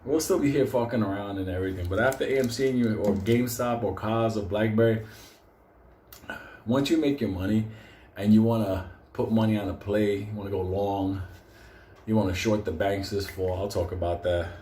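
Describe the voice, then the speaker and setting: A man's voice: fairly low pitch, normal speed, warm tone. A man rambling in a casual rant, swearing constantly and breaking into laughter as he jokes. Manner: profane, laughs often, loose and joking. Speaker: host. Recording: roomy echo, faint background noise.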